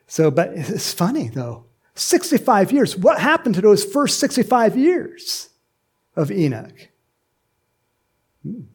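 A pastor preaches a sermon loosely and conversationally, slipping into playful acted voices. His gravelly, slightly husky voice is pitched a little high for a man and darkish in tone, with big pitch swings, a slow pace, and long pauses.

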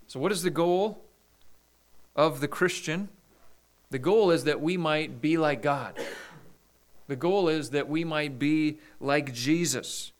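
A man delivering a sermon, reading scripture in a measured preaching manner. His voice sits a bit high for a man. It comes through clear and smooth. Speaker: pastor.

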